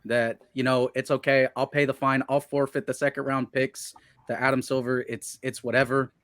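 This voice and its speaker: A man taking part in a casual video-call chat about basketball, relaxed and self-mocking, speaking into a desk mic at home. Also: medium pitch, moderate pace, dry recording, studio quality. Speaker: sports blogger.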